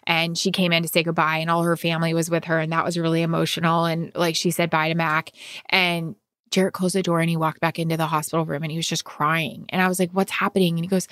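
A woman co-hosting a podcast, telling a personal story in casual chat with emotional, excited bursts. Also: low voice, quick pace, dry recording, studio quality. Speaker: podcast co-host.

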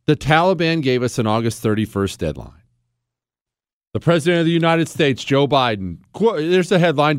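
A man's voice: a little high, smooth, no echo. A man hosting a talk radio show, delivering a sarcastic, opinionated monologue into a studio mic. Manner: sarcastic, mocking, acts out quoted voices.

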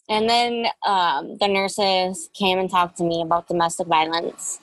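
A woman's voice: on the low side, very animated, measured pace, a bit bright, no room sound, poor audio. Young woman guest, candid storyteller, reflective, dry close mic. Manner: candid, reflective, with frequent fillers. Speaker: interview guest. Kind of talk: personal storytelling interview.

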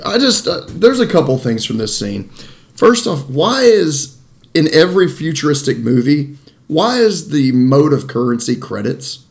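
A man in casual chat with friends, lively and sweary, mimicking characters. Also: on the high side, a little slow. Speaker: podcast co-host.

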